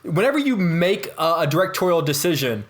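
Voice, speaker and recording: A man's voice: on the high side, big pitch swings, fairly quick. A man hosting a podcast, who jokes and then leads into his questions. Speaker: podcast host. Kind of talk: casual podcast interview.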